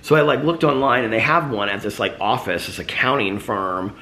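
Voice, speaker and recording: A man's voice: fairly low pitch, normal speed, pushed and bright, a little hiss or hum. A man vlogging casually with a slight lisp and a sore mouth after losing a tooth, rambling about his day with lots of fillers. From United States. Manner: rambling, chatty, filler-heavy. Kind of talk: casual daily vlog chat.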